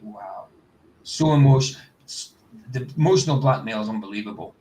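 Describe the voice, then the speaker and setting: A man's voice: mid-range voice, lively intonation, fairly quick, a little hiss or hum, rough recording. Blunt skeptical man reacting. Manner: blunt, skeptical, rhetorical questions. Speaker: host. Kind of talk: casual reaction commentary.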